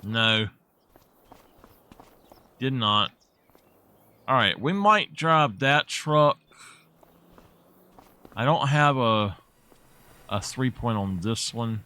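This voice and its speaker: A man's voice: medium pitch, very slow, long pauses. A man chatting casually and telling stories while streaming a farming game. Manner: relaxed, rambling storyteller. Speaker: gaming streamer. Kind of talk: casual chat while playing.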